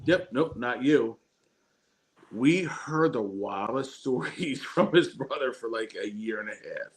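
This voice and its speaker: A man with a mid-range voice, telling a story on a casual podcast. He rambles loosely through it in relaxed, unscripted chat among friends. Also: mid-range voice, a little slow, low-quality recording. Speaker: podcast co-host.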